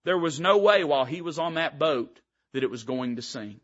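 A man's voice: a little high, lively intonation, normal speed, fairly bright tone, muffled recording. A man preaching a sermon from the pulpit, speaking in an emphatic, rising-and-falling preaching cadence. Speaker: pastor. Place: church sanctuary.

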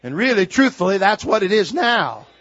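Older man, fiery sermon, high voice, dull dry recording. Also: big pitch swings, normal speed, dry recording. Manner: fiery preaching, builds to shouts then drops to quiet storytelling. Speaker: preacher.

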